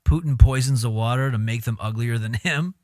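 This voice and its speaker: A man's voice: medium pitch, fairly quick, a little mellow, no room sound, studio quality. A man streaming live, riffing on clips in casual, profane, exasperated commentary.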